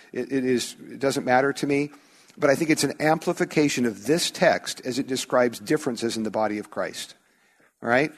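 A male pastor preaching a sermon in a church, talking conversationally and acting out little quoted voices of his listeners. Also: medium pitch. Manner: conversational, animated with acted-out quotes.

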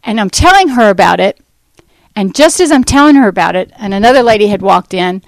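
A woman giving a personal faith testimony to a church audience, telling her story in a rambling, animated way and acting out what people said. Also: medium pitch, fairly quick, no room sound, poor audio. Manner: animated storytelling that acts out quoted speech; rambling, with fillers and restarts. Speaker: Christian ministry speaker.

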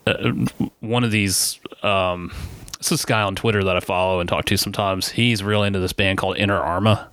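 A man with a fairly low voice talks in a relaxed, meandering way on a podcast, full of "um" and "like". The sound is dry and close, with no room around it. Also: clear, resonant tone, no room sound. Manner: rambling, filler-heavy, laid-back. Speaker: podcast co-host. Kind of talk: casual chat.

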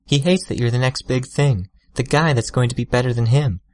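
A man's voice: mid-range voice, lively intonation, brisk, no room sound, studio quality, voice pushed up, close to an everyday voice. Tattletale, a man putting on a sly young woman. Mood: taunting. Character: sharp-tongued young woman villain, knowing.

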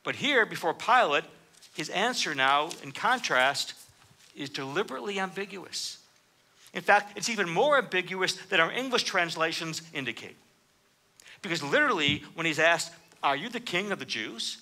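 Bright, lively-voiced male preacher. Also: high-pitched, moderate pace. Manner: animated, acts out quoted dialogue with rising emphasis. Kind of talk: sermon.

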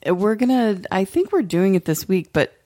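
A woman's voice: medium pitch, very animated, normal speed, dark tone. A woman hosting a casual podcast chat, teasing and joking with her guests and swearing now and then. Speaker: podcast host.

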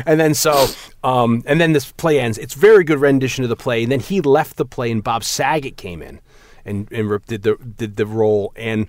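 A man chats on a podcast, spinning long rambling movie stories. His pitch sits in the middle and jumps up whenever he acts out a quote. The recording is close and dry, with no room around him. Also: fairly quick, no echo. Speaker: podcast co-host. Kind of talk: casual chat about movies.

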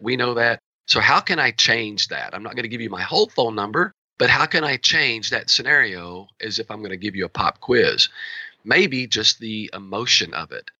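A man working as a horse trainer, explaining his training methods in an animated, storytelling way and acting out quoted dialogue. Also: medium pitch, no room sound, highs cut off.

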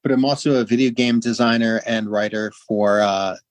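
Relaxed, dry-sounding game master man. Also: lowish voice, moderate pace, no room sound. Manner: relaxed, hesitant with many fillers. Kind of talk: casual chat introducing a tabletop game. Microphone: video call.

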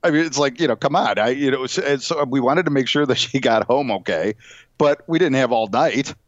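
A man's voice: medium pitch, brisk, no room sound, muffled recording. A middle-aged man co-hosting a podcast, reading a news story aloud in a rambling, laughing, casual way. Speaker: podcast co-host.

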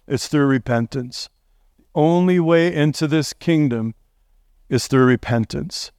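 Middle-aged pastor guy preaching, kinda high voice, dry close sound, chatty with lots of questions. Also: measured pace, clear, resonant tone, dry recording. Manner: conversational, animated preaching with rhetorical questions. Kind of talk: sermon. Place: church sanctuary.

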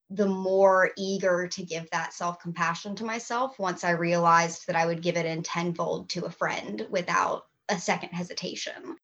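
A woman's voice: on the low side, fairly bright tone. A woman guest in a casual discussion, speaking in an earnest, reflective way. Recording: dull lo-fi recording.

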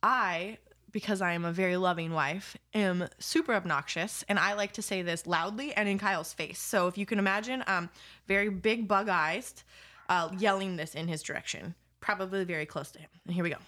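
A woman's voice: lowish voice, fairly quick, pushed and bright. A woman from California co-hosting a podcast in casual, giggly, self-deprecating chat. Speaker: podcast co-host.

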